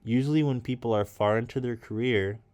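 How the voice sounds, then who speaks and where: A man's voice: mid-range voice, brisk, darkish tone. A man talking casually and thoughtfully to his viewers while he paints, musing and encouraging himself. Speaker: artist and vlogger.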